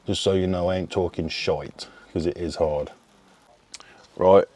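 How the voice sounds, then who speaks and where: A man's voice: low voice, steady tone, measured pace, darkish tone. A man, chatting casually to camera as a fitness coach, rambling and swearing freely. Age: 30s. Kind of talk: casual vlog chat.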